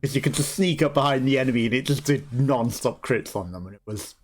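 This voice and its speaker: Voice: mid-range voice, a little fast, darkish tone, soft background music. A let's play host giving casual gameplay commentary, chatty and jokey, laughing often and calling out to teammates.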